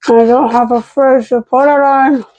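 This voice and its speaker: A woman's voice: high voice, fairly even intonation, moderate pace, darkish tone, dull audio, slight background noise. A young woman vlogging at home late at night, rambling casually, swearing now and then and cooing at her dogs. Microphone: camera on a fixed stand.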